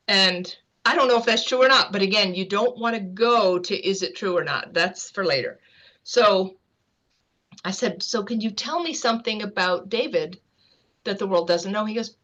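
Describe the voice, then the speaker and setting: A guest author on an interview show tells a personal story vividly and conversationally, with light laughter along the way. Her voice is mid-range and she speaks at a normal speed.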